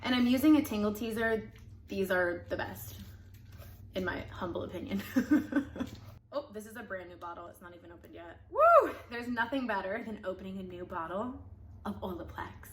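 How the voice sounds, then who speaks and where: A woman's voice: mid-range voice, normal speed. A young woman, chatting casually and bubbly to the camera in a lifestyle vlog. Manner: chatty, bubbly, laughs often. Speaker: lifestyle vlogger. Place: home, then outdoors.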